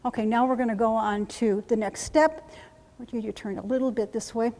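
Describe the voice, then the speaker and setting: A woman trainer runs a live workshop demonstration, her voice sitting a little high. She coaches briskly and repeats short phrases in a steady rhythm. The sound carries the long reverb of a conference hall. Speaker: trainer teaching combat medics. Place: conference room.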